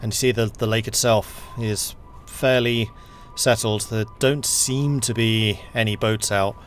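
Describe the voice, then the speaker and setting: A man running a tabletop game as game master over an online voice call, narrating in an unhurried way with lots of fillers. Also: on the low side, fairly even intonation, slight background noise.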